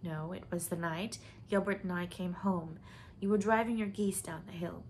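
A woman voicing a calm young wife who soothes her friend softly. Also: on the low side, moderate pace, a little hiss or hum, lightly acted. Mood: gentle. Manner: soft and soothing.

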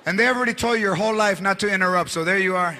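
A man in his forties with a Mexican-American accent doing stand-up comedy, acting out relatives with Spanish phrases and bursts of shouting. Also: sits high, rapid-fire, background noise. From United States. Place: large theatre stage. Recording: live theatre audience laughing.

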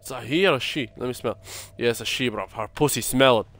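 Playing a horror game, a young streamer with a quick, slightly bright, middle-pitched voice curses, whispers prayers and jumps nervously at every sound.

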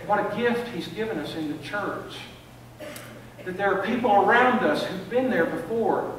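An older male pastor preaches in a church sanctuary, his voice sitting high, expressive and a bit bright at normal speed. He weaves in stories and repeats words as his point builds. The recording is echoey and distant, with slight background noise.

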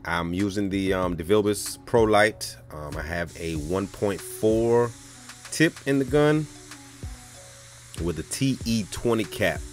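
Deep-voiced, laid-back male painter. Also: expressive, takes it slowly, faint music behind. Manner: laid-back, with many "um" and "man". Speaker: auto body painter. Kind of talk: casual voice-over of a paint job.

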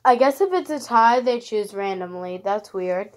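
A woman narrating her online game as she plays, excitable and easily frightened, giving running commentary. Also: mid-range voice, moderate pace, no echo. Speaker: gaming channel host. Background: dogs barking sometimes.

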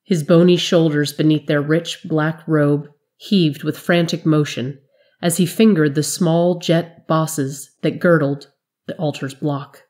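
A woman with a low voice reads a fantasy story aloud in a measured, dramatic manner. She tells it steadily, as a narrator of fiction. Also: fairly even intonation, darkish tone.

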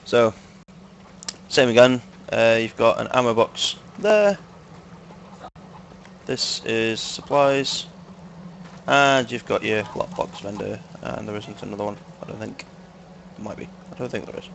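A man's voice: mid-range voice, a little slow, vocal fry, long pauses. Young manchester guy chatting over a game, crude jokes, lots of ums, faint hiss behind. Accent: Manchester English. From England, Manchester. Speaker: gaming video host. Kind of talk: casual gameplay commentary with friends.

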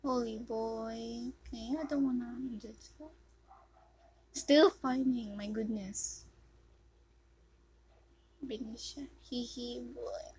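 A woman casually commentating her own gameplay, excitable, with loud yelps and muttered whispers. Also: on the high side, takes it slowly, long pauses, a little hiss or hum, low-quality recording. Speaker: gamer commentating her play.

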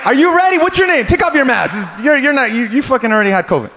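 A male stand-up comedian doing crude crowd work in a club, loud and teasing and often breaking into laughter. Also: very high-pitched, animated, fast. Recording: noisy live club.

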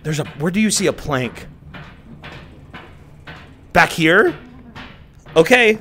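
A male streamer giving casual gameplay commentary, excitable and swearing as he talks back to the game. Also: on the high side, takes it slowly, pauses often, a little hiss or hum.

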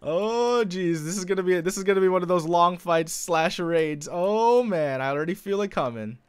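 A young man giving live gameplay commentary, excitable, his voice leaping up when something happens. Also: moderate pace, clean tone. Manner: excitable, voice jumps high when he spots loot. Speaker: gaming YouTuber.

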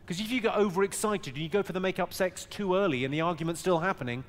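High-voiced stand-up comedian. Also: male voice, quick pace. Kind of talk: stand-up routine.

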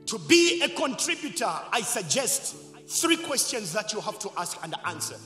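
A man preaching a sermon as pastor, leading call-and-response and swinging between loud shouts and quiet asides. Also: high-pitched, sing-song, normal speed, soft background music. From Zambia. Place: church hall. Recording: echoey church hall.

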